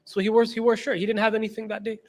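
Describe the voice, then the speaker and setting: A man with a high-pitched voice teaches a class as a religious instructor. He drives his points home by repeating key phrases. He acts out the stories he tells with quoted back-and-forth. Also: completely flat delivery, racing. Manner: retells stories with quoted dialogue. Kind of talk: class lecture.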